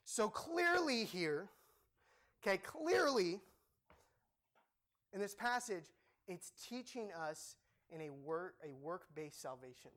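Animated young male preacher, high voice. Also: takes it slowly, long pauses. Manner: animated, joking, emphatic. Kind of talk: sermon.

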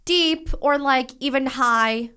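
A woman's voice: sits high, slow pace, sharp tone, clean tone. A woman co-hosting a podcast, chatting casually in a blunt, playful way, often stopping and restarting. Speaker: podcast co-host. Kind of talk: casual chat.

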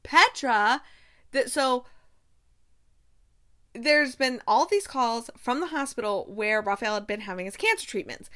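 A young woman chats through a TV season recap in a casual, animated way. Her voice sits a bit high and rings bright and forward. She slips into quieter, softer tones whenever she quotes the characters. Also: a little slow, long pauses. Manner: animated retelling, quoting characters in soft voices. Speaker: podcast host recapping a TV show. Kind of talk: casual chat.

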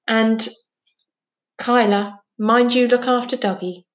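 A woman's voice: fairly high pitch, steady tone, slow pace, muffled recording, soft background music. A woman voicing a fussy, protective mother in a children's story.

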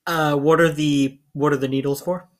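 A game master narrating a tabletop role-playing game, pausing often with lots of fillers. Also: medium pitch, fairly even intonation. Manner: hesitant, many fillers.

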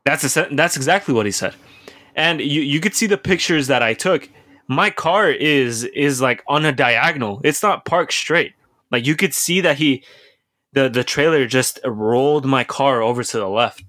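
Young guy, bright and dry close-mic sound, rambling storyteller who swears freely. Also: medium pitch, lively intonation, normal speed, no echo. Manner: profane, rambling, lots of restarts and filler words. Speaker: podcast co-host telling a story. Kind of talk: casual storytelling chat.

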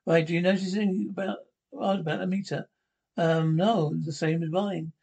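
A grumpy old Scottish pensioner in a sitcom, bantering bluntly and gruffly. His voice sits a little high and has a husky edge, and his Scottish accent is strong. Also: fairly even intonation, fairly quick, darkish tone, full character voice. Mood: grumbling. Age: older. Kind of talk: sitcom acting.

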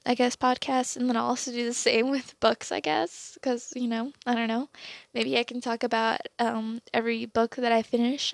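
A woman's voice: a little high, gravelly, dry recording. A young woman hosting a casual solo podcast, rambling and chatty with lots of fillers and restarts. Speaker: podcast host.

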